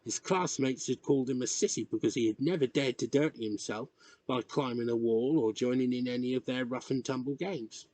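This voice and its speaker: A man reading a novel chapter aloud in measured, expressive narration. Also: mid-range voice. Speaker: reader. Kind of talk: audiobook narration.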